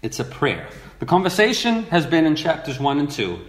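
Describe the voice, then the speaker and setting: A man's voice: a little high, wildly swooping pitch, normal speed. A man preaching a sermon, reading scripture aloud and asking earnest rhetorical questions. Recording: echoey room.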